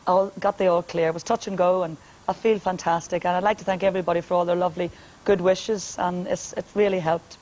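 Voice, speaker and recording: Northern Irish woman, deep powerful voice, jokey guest who laughs a lot. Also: fairly even intonation, fast talker, a little mellow, poor audio. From Northern Ireland. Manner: hearty, laughs often, comic storyteller. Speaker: singer and guest. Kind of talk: joking TV chat.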